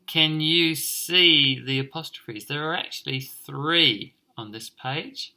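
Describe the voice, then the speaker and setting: A male teacher reading a picture book aloud to children, expressive and encouraging as he points things out. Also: a little high, takes it slowly, few pauses.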